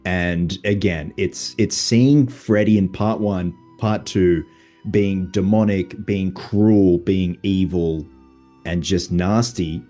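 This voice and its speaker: A man's voice: sits low, fairly even intonation, dark tone, faint music behind. A man hosting a podcast in casual, enthusiastic chat about films. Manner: quick, chatty, enthusiastic fan talk. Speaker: podcast host.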